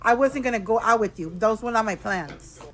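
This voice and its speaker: A slightly tipsy woman spills a story straight to her phone camera from a quiet hotel room. She talks frankly and chattily, calling her viewers girl and y'all as she goes. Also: on the high side, normal speed, low-quality recording. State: a little tipsy. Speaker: vlogger. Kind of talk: storytime vlog.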